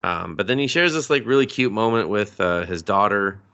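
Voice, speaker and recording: On a podcast microphone, a co-host chats casually through a movie review, retelling the plot and acting out the characters' lines. His voice sits on the low side, bright and forceful, animated at normal speed, though the audio is dull.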